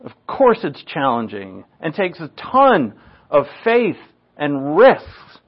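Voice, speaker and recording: A man preaching a sermon in a conversational way, acting out quoted prayers and often clearing his throat. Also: fairly high pitch, huge pitch swings, slow pace, muffled recording.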